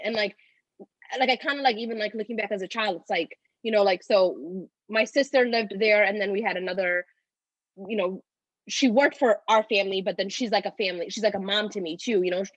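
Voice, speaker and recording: A woman in her thirties, a podcast guest, tells personal stories in a casual, rambling way, her mid-range voice brisk and her phrases loose and run-on, full of "like." At times she sounds tearful. The recording is dry and low in quality.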